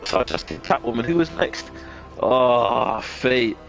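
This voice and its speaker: A man's voice: medium pitch, big pitch swings, normal speed, gravelly, a bit bright, soft background music. A man, chatting casually with his chat while playing a game live. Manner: laid-back, slangy banter with chat. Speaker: live-streaming gamer. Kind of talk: casual live-stream commentary.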